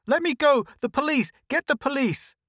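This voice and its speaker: A frantic middle-aged shopkeeper, read by a man, his pleas climbing into desperate shouts in a storybook reading. The voice is unadorned, close and dry, with no room around it. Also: a little high, expressive, moderate pace, dry recording, pitched above the performer's own voice, lightly acted. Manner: pleading, rising to desperate shouts.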